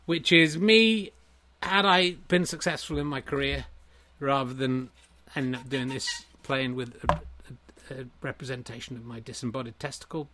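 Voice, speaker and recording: A man's voice: mid-range voice, steady tone, normal speed, bright, forceful tone, a little hiss or hum. A man hosting a comic solo sketch, full of wry, self-mocking asides. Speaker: comedian host.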